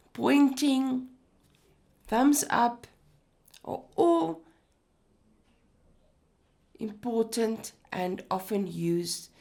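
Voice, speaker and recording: A woman presents an educational talk slowly and deliberately. Her voice has a gravelly, fry-tinged texture, and she takes her time over each phrase. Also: medium pitch, a little mellow. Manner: slow and deliberate.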